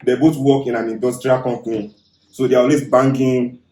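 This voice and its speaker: Nigerian man, podcast guest, lively anecdotes, roomy echo. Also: mid-range voice, a little fast. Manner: animated storyteller, repeats himself. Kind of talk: casual podcast chat. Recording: echoey room.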